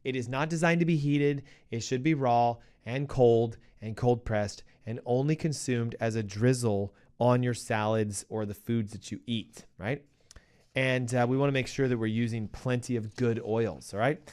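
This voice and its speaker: A man delivers health advice in a punchy, emphatic way, speaking right to his listeners. His voice is smooth and clear, sitting at an ordinary middle pitch. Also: steady tone, moderate pace, a little mellow. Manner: acts out a panicking cardiologist in a raised voice. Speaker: health show host. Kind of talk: energetic health advice talk.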